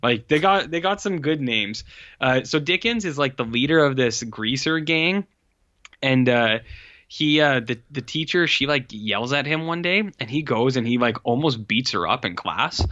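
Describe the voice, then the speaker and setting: Lively intonation and a bright, forceful mid-range voice mark this male podcast co-host as he recaps a movie in a rambling, filler-laden way, full of likes and uhs. He speaks at normal speed. The recording is dry and muffled.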